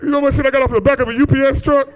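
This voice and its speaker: A man's voice: extremely high pitch, level tone, racing. A man in his thirties doing a loose, profane stand-up set in a small club, teasing the crowd and laughing at his own jokes. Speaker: stand-up comedian. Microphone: handheld stage mic.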